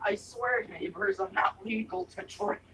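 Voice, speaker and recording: A young adult live streamer at home, chatting playfully with goofy noises and sudden loud outbursts. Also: mid-range voice, steady tone, measured pace, distant mic, a little hiss or hum, low-quality recording. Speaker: live streamer reviewing snacks. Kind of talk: silly, rambling live-stream chat. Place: indoors at home, other people upstairs.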